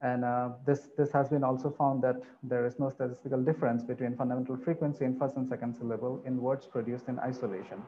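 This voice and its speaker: Male conference presenter, mellow tone, halting delivery with many fillers, dull lo-fi recording with faint hiss. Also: mid-range voice, little pitch movement. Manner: halting, frequent filler pauses. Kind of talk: academic presentation.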